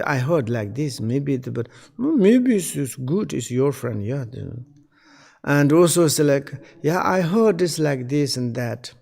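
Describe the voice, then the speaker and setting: A Buddhist teacher, a man, gives a dharma seminar in halting English, often restarting and repeating phrases. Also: medium pitch, long reverb tail. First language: Tibetan.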